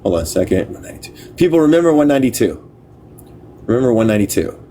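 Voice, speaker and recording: A man hosting a livestream, reading a book aloud in a casual, halting way, stopping to puzzle over words and talking offhand to viewers. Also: medium pitch, very animated, dark tone, a little hiss or hum. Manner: talks to viewers offhand, apologetic. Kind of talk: casual live reading with chat asides.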